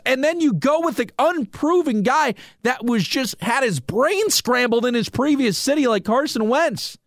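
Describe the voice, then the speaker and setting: This very high male voice comes through at studio quality with no room sound. A sports radio host alone on his sports podcast, he rants in an animated, rhetorical manner and talks straight to the listeners.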